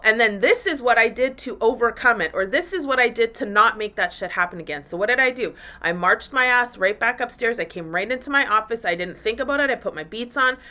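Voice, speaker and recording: Middle aged woman coach on her podcast, swears a lot, totally upfront, bright punchy voice. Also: on the high side. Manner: blunt, profane and candid. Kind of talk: motivational solo talk.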